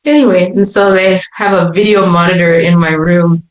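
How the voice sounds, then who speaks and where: A young adult woman, a podcast guest, telling her story in a casual, animated way and laughing now and then as she talks. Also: on the low side, normal speed. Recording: roomy echo.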